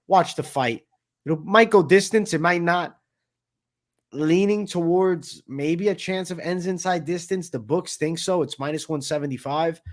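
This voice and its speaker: A man's voice: on the high side, a little slow. A man hosting a casual sports betting chat, laid-back as he breaks down odds and picks. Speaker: host.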